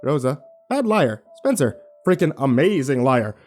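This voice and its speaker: A man narrating a first-person horror story in a wry, animated way. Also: mid-range voice, unhurried, faint music behind.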